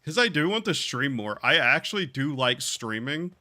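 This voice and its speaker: A man's voice: mid-range voice, big pitch swings, normal speed, pushed and bright. A man streaming a game, talking in a drawling, meandering way with sighs and casual swearing. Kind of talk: casual gaming stream chat.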